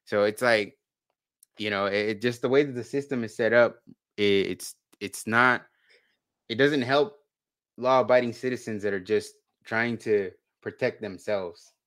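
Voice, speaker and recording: Bright, smooth-voiced man chatting. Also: fairly low pitch, unhurried, no echo. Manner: rambling, repeats and restarts words. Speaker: podcast co-host. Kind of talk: casual conversation.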